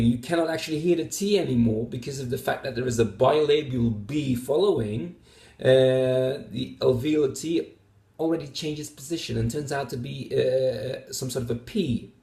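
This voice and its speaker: A man's voice: medium pitch, gravelly, a little mellow. Patient male phonetics teacher, echoey room. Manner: patient and explanatory, with many fillers. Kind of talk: recorded lecture explaining test answers.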